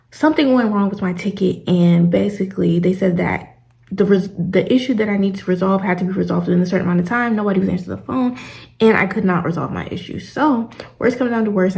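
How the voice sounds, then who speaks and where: A woman's voice: medium pitch, vocal fry, a little mellow. A young woman vlogger telling a story in casual slang, acting out the people in it. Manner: dramatic, slangy storytelling with acted-out quotes. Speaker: travel vlogger. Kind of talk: animated storytime vlog.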